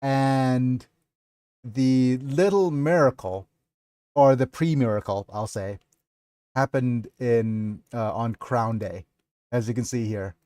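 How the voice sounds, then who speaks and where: Brief: male streamer, unhurried and halting, apologetic, dry close sound. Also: mid-range voice, mellow, no room sound. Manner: halting and apologetic, many fillers. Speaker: livestreamer and novelist. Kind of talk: casual livestream chat about his writing.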